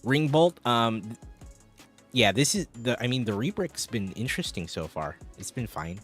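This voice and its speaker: A man's voice: medium pitch, very animated, moderate pace, fairly bright tone, husky, soft background music. Chatty man on a livestream. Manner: rambling, chatty, answering viewers' chat. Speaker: live streamer. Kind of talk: casual livestream chat.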